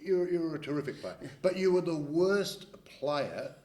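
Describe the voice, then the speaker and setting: A man's voice: on the high side, lively intonation, measured pace, mellow. An Australian man co-hosting a sports chat show, teasing his guest in jokey banter. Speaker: co-host, former cricketer. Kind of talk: casual chat. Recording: roomy echo.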